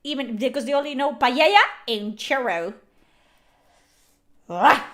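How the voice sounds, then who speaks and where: A woman from Spain with a Spanish accent and Spanish as her first language, commenting on a game in an animated, emphatic, exasperated way and swearing freely. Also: high voice, a little slow. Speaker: streamer.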